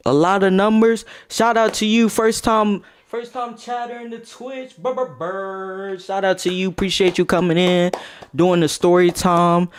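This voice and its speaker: Young dude streamer doing storytime, kinda high voice, slangy and hyped, laughs a lot. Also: male voice, clean tone. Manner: animated, slangy, laughs while telling. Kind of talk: casual storytime chat.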